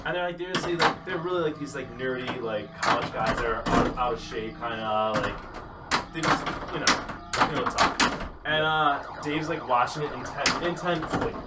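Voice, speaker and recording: A man's voice: mid-range voice, steady tone, normal speed, reverberant. A man hosting a casual livestream chat, telling a long story with many fillers and frequent laughs. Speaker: show host. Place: pinball arcade or game room. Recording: distant mic, loud arcade noise.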